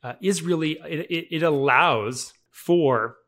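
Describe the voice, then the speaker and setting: A man's voice: a little high, takes it slowly, fairly bright tone. A man co-hosting a coaching podcast, thoughtful, with frequent restarts and easy laughs. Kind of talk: casual podcast chat.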